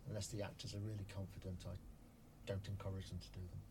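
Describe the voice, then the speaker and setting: A man's voice: low-pitched, little pitch movement, fast, a little mellow, a little hiss or hum. A man from southern England who directs theatre, talking earnestly on a radio show, often restarting his sentences. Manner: earnest, repeats himself, many restarts. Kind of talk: casual radio interview. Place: radio studio.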